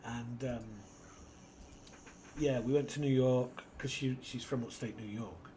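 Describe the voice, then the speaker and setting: A man's voice: mid-range voice, steady tone, measured pace, dark tone, a little hiss or hum. A British man hosting a casual let's-play, rambling through an anecdote and muttering to himself as he plays. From Britain. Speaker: gaming channel host.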